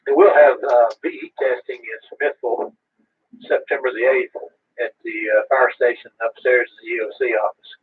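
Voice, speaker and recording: A man checks into an amateur radio net with an announcement, keeping it brief and answering in radio procedure words. His voice is husky. It comes through a narrow, phone-like radio transmission. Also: medium pitch, steady tone, moderate pace.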